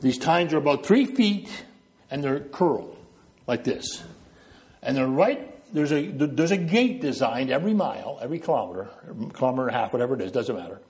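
A man's voice: mid-range voice, expressive, a little fast, darkish tone. A middle-aged male preacher from New Brunswick, Canada, giving a sermon and telling stories while walking back and forth and illustrating with gestures.

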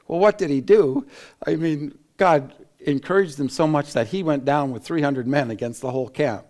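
A man preaching a Bible teaching in an animated way, laughing and acting out quotes, with frequent restarts. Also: on the high side, normal speed. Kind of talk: sermon-style Bible teaching.

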